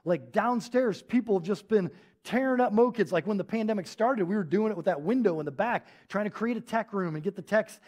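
A man preaching a sermon in a church, telling stories in a casual, animated way with lots of filler words. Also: high voice, brisk. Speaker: pastor.

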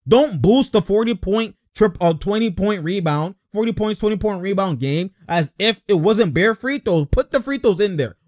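A young man giving casual, excitable basketball reaction commentary, blunt and slangy, laughing often. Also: high-pitched, normal speed, few pauses, no room sound, clean studio sound.

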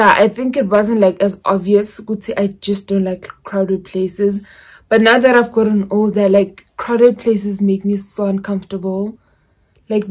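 A woman's voice: mid-range voice, a little mellow. A young woman from South Africa with a South African accent, chatting casually in a vlog and slipping in Zulu phrases as she rambles through stories. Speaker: YouTuber.

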